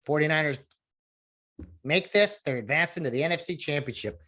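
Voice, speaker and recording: A man giving casual sports commentary in an animated, ranting way, with many fillers and restarts. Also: a little high, a little fast, long pauses.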